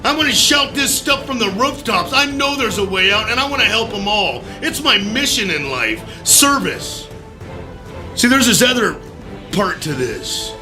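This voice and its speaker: A man giving an animated motivational talk about recovery, acting out scenes and using mild profanity. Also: high-pitched, unhurried, music in the background. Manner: animated, acts out his own voice in quotes, loud bursts. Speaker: recovery speaker.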